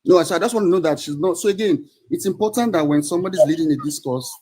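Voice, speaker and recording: A man's voice: a little high, very fast, a little mellow, breathy edge. A man calling into a live audio-room debate, arguing and pleading, often restarting and repeating himself. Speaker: caller in a debate.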